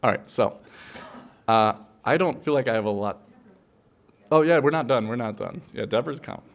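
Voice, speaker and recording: A man joking as he speaks at his mother's memorial, playful and halting, with fillers. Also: medium pitch, vocal fry. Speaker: son of the deceased, eulogy speaker.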